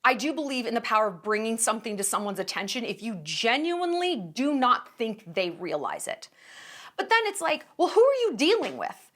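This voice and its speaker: A woman's voice: on the high side, big pitch swings, a little fast, a bit bright. A woman giving casual opinion commentary in a blunt, profane and emphatic way, sarcastic and indignant. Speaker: commentary vlogger.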